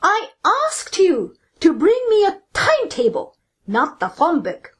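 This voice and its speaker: A woman's voice: very high-pitched, wildly swooping pitch, unhurried, fairly bright tone, pitched above the performer's own voice, exaggerated voice. A woman voicing an angry male boss who insists he is right. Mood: indignant. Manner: insistent, indignant.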